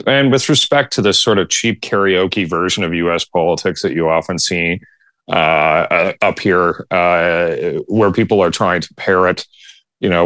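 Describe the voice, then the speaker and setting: A man, a political commentator, weighing his points in a measured, analytical way on a podcast panel. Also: low voice, a bit bright, no echo.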